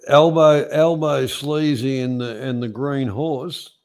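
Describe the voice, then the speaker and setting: Gravelly Australian man, crude and blunt. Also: medium pitch, steady tone, takes it slowly, a little mellow. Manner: crude, blunt, laid-back. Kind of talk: casual drunk banter.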